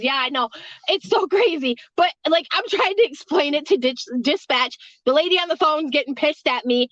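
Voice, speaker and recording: A woman's voice: sits high, animated, normal speed, a bit bright, no echo, lo-fi sound. A woman who works a hotel front desk, telling a story casually, rambling, swearing freely and laughing between lines.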